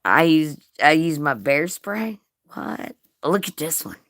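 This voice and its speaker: A woman's voice: sits low, very animated, takes it slowly, fairly bright tone, no echo. A woman hosting a casual livestream, reading chat and telling stories with frequent swearing and laughter. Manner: crude, swearing, laughing often.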